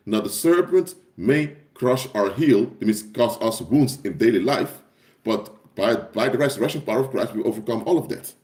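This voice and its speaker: A man's voice: mid-range voice, darkish tone. A man preaching on a live stream in an impassioned way, hammering home points by repeating phrases. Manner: emphatic, repeats key phrases for force.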